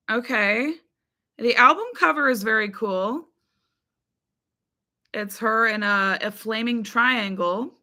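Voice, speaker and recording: A woman's voice: on the high side, slow pace, long pauses, bright, forceful tone. A woman from the United States hosting a casual live stream, chatting loosely with viewers and greeting them by name, with frequent ums. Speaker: livestream host. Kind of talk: casual live chat reading comments.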